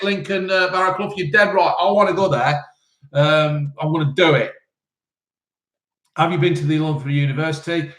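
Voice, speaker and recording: A man in his fifties hosts a casual live chat, answering viewers' questions with blunt, sweary banter. His voice sits a bit high for a man. The sound is echoey, as if he is in a bare room. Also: fairly bright tone. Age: 50s. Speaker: live-stream host reading chat questions.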